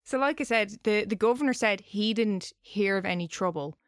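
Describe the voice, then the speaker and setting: A woman co-hosting a podcast tells a story in a loose, chatty style, swearing casually along the way. Her mid-range voice moves at a normal speed, and the recording is clean studio sound with no room echo.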